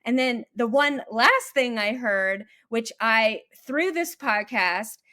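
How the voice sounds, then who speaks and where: A woman's voice: a little high, slow, sharp tone. A woman hosting a podcast, enthusiastically summing up her guest's story in a reflective way. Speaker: podcast host. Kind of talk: conversational interview.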